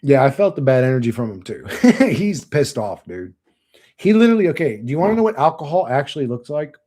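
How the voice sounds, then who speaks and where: A man's voice: medium pitch, very animated, brisk, mellow. A man rambling casually to his stream chat, swearing and laughing often. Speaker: channel host.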